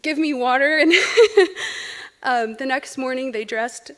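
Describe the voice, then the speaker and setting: A woman's voice: high voice, slow. A woman in her thirties speaking at a memorial, telling personal anecdotes in a chatty way, laughing between stories. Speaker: eulogy speaker.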